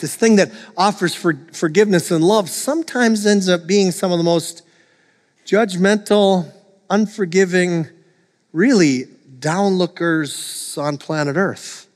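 A man's voice: high-pitched, in a large hall. A man preaching a sermon as a pastor, joking and chuckling often as he talks to his congregation in a church. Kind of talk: sermon with jokes. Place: church sanctuary.

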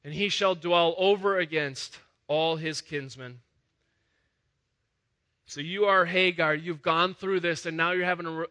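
A man preaching in a lively, conversational way. His voice is high and very bright, and it climbs to loud, emphatic peaks. It sounds like a full sermon. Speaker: pastor.

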